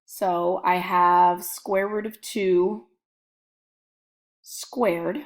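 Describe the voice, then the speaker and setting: A woman's voice: on the low side, steady tone, drawn-out words. A woman math instructor giving a recorded lecture, methodically talking through each step as she writes it out.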